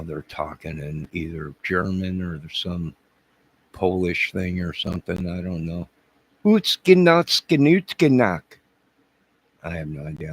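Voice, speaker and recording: Man, live-stream host, low gravelly voice, crude and sarcastic, rambling. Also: low-quality recording. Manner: combative, crude, mocking and sarcastic. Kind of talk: rambling live-stream chat, reading viewer comments.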